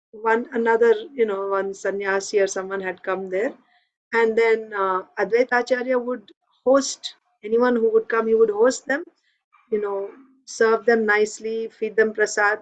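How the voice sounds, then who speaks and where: Woman, scripture class, devotional storytelling, chatty with fillers, somewhat high voice. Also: steady tone, normal speed, poor audio. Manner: conversational, with frequent fillers. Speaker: speaker giving a scripture class.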